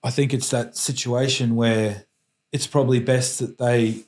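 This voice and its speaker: A man, a podcast guest telling personal stories in a candid, reflective way with halting restarts. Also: medium pitch, steady tone, darkish tone. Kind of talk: candid storytelling in conversation.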